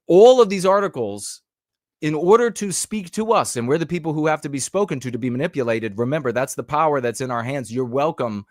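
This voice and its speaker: A man's voice: medium pitch, dry recording, clean studio sound. A man giving heated, emphatic podcast commentary over news clips, with frequent rhetorical flourishes.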